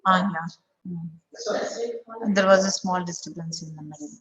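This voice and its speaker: A woman's voice: lowish voice, unhurried, husky, rough recording. A woman with an Indian English accent teaching an online English class. She repeats example sentences and says "okay" often. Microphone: video call. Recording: online class audio with crowd chatter behind.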